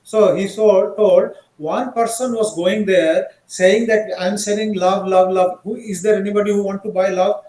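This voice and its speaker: A man giving a devotional talk as a monk, telling stories in a halting way with many fillers and restarts and acting out the quoted dialogue. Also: high voice, fairly even intonation, dark tone, reverberant, poor audio.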